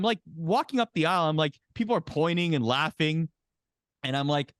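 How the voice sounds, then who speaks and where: Male interview guest, animated storyteller, very lively intonation, dry sound. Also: normal speed, no room sound. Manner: animated, raises voice high for quoted lines.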